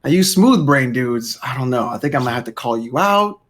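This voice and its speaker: A man co-hosting a casual gaming podcast, teasing the chat with slow, drawn-out jokes, talking into wireless earbuds. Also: medium pitch, lively intonation, a bit bright. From Florida, US. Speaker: podcast co-host.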